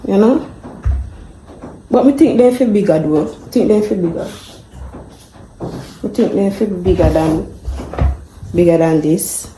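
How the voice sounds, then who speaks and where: Woman, home cooking vlog, slow and mellow, self-mocking, roomy kitchen with faint hum. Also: mid-range voice. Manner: laughing, self-mocking, talking to herself while cooking. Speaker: home cook vlogger. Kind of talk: casual cooking vlog chat.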